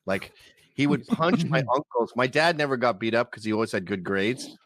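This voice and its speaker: A man's voice: medium pitch, normal speed, dry recording. A middle-aged man with a Canadian accent, a podcast guest telling stories casually and acting out the people in them. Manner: animated, acts out quoted people in loud put-on voices. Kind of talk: casual storytelling.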